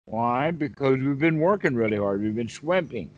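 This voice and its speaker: A man's voice: medium pitch, lively intonation, moderate pace. Man explaining over a lo-fi call. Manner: explanatory, asks rhetorical questions. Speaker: Buddhist teacher. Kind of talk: one-on-one teaching call. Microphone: video call.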